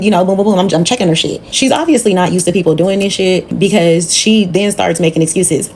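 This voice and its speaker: A woman's voice: lowish voice, brisk, few pauses, darkish tone, slight background noise. A woman nail technician telling a story from her work in a blunt, profane, casual storytime manner.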